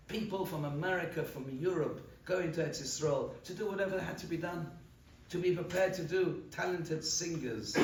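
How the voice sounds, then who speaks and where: A rabbi gives an earnest eulogy sermon, telling stories and repeating words as he gathers his thoughts. His voice sits a bit high for a man and is picked up from across a large, echoing study hall, with a faint hiss underneath. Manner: earnest, storytelling, repeats words when searching for the next phrase. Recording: roomy hall audio from a distance, faint noise.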